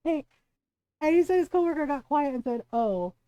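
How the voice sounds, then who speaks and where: A woman streaming a video game, chatting casually and telling stories in an animated way, with plenty of swearing. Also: high voice, moderate pace, dry recording, rough recording. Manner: animated storytelling with frequent swearing and laughter. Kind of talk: casual gameplay chat.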